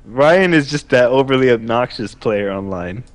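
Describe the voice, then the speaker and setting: A young man co-hosting a podcast, speaking calmly and matter-of-factly in casual chat. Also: medium pitch, moderate pace, no room sound. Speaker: podcast co-host.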